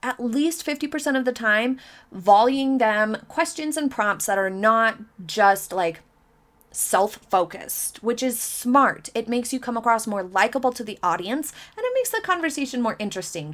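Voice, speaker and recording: Emphatic woman commentator, thirties, slightly high-pitched, incredulous, hammers her points home. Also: expressive, normal speed, a bit bright. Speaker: commentary vlogger. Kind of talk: opinionated commentary.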